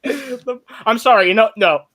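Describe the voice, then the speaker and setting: A man hosting a casual chat stream while high, rambling and breaking into giggles. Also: moderate pace, bright, forceful tone, slight background noise. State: high on cannabis. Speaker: stream host.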